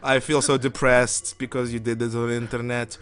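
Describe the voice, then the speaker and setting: A man's voice: mid-range voice, flat delivery, normal speed, a bit bright, smooth. Rambling, joking male co-host. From Europe. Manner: rambling, joking, many fillers and restarts. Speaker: co-host of a live gaming show. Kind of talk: casual live-stream banter.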